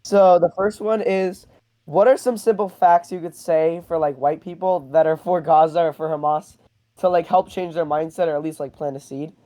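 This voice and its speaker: A man's voice: fairly high pitch, steady tone, moderate pace, mellow. A man calling in to a live show with questions, speaking hesitantly with many filler words. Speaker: caller. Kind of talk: casual phone-in question.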